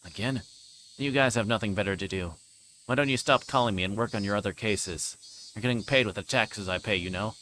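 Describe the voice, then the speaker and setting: A man plays a surly, threatening middle-aged uncle in a visual novel reading, rough and pushy on the phone. The voice sits low, with faint background noise. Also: fairly quick, sharp tone. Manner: rough, threatening, faked sweetness. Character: gruff bullying middle-aged male guardian.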